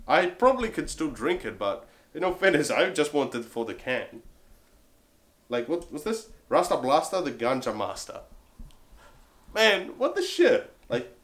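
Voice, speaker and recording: A man from Italy talking in a casual interview as a collector, relaxed and easily amused, speaking in loose, halting phrases. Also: a little high.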